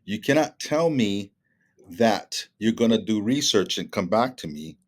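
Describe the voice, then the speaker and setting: Animated storytelling man, lively pitch. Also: a little slow. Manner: animated, acts out dialogue with shifting voices. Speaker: guest speaker. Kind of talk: storytelling in casual conversation.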